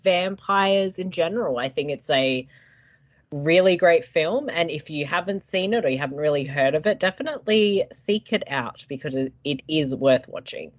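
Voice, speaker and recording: Low-voiced woman podcast co-host. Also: normal speed, highs cut off. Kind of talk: casual chat.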